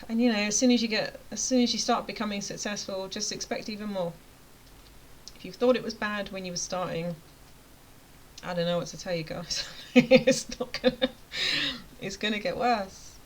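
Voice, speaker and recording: A chatty woman delivers a motivational rant straight to her viewers. Her voice is middle-pitched, and she is emphatic one moment and close to a whisper the next. A faint hiss sits under the recording. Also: normal speed, rough recording. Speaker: vlogger and web design coach.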